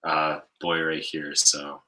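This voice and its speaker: A man with a Canadian accent co-hosting a live stream, reading viewer comments and chatting in a relaxed, hesitant way. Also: rumbling low, takes it slowly, rough recording. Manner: easygoing, hesitant, lots of fillers.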